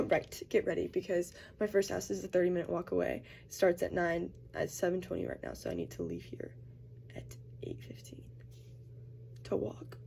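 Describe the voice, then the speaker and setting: A woman's voice: fairly low pitch, steady tone, fairly quick, creaky, slight background noise. A young woman vlogging casually as she gets ready, chatty, saying "like" a lot. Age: young adult. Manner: chatty, uses "like" constantly, acts out quoted voices. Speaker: college student vlogger. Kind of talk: casual get-ready-with-me chat.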